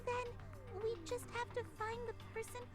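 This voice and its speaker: A timid teenage nurse from a dubbed video game, her voice pitched very high and meek. She sounds apologetic and unsure of herself. Game music plays clearly underneath. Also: fairly even intonation, measured pace. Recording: game audio with background music.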